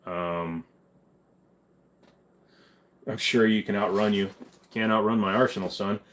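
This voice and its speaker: A young man hosts a casual live stream, reading out comments and firing back bluntly, with a lot of swearing. His voice sits a little low for a man. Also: steady tone, a little slow, fairly bright tone. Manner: blunt, profane, wisecracking.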